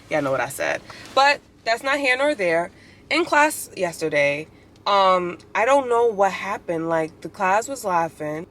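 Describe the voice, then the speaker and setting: A woman's voice: lowish voice, a little hiss or hum. A young woman telling stories in a chatty, opinionated way in a casual vlog, with lots of "like". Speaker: vlogger.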